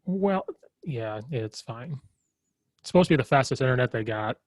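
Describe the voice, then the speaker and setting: Laid back guy host, coach, kinda jokey, mid pitch, dry remote call audio. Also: animated, moderate pace, no room sound. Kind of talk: casual podcast chat.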